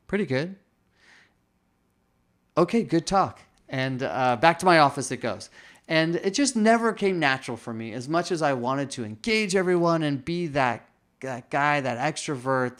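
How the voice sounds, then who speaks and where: Man, podcast host, reflective storytelling, casual talk, lively quoted dialogue. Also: medium pitch, clean tone.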